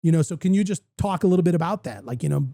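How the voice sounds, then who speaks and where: A man's voice: a little high, lively intonation, rapid-fire, creaky, warm tone. A man hosting a casual golf podcast, rambling through stories with lots of fillers. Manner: rambling, filler-heavy storytelling. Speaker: podcast host.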